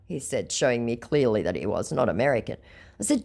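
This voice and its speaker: A woman's voice: extremely low pitch, sing-song, a little fast, creaky, a little mellow. A woman hosting a scam-baiting video, reading out chat logs with sarcastic, mocking narration. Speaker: scam-baiting channel host.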